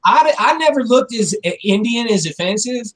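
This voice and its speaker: A man's voice: very high-pitched, animated, normal speed. A man co-hosting a casual talk show, cracking crude jokes. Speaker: podcast co-host. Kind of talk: casual chat.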